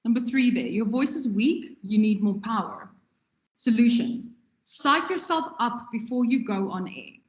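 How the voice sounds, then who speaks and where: Higher-voiced woman lecturing in an echoey room. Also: expressive, unhurried. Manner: conversational, gestures freely with her hands. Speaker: radio production lecturer. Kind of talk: recorded lecture. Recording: echoey room, dull lo-fi sound.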